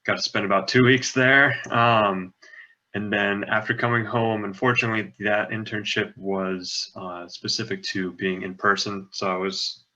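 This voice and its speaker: A young man, a student presenter, introducing himself in a measured way with many filler pauses. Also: lowish voice, little pitch movement, sharp tone. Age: young adult. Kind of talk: informal self-introduction. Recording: muffled lo-fi call audio.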